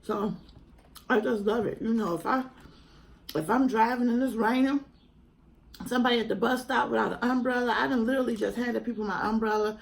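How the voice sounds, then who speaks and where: A woman's voice: a little high, fairly even intonation, a little fast, vocal fry, rough recording. A young woman, earnestly and chattily talking to camera at home in a vlog. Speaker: mukbang vlogger. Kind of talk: casual heartfelt chat to camera.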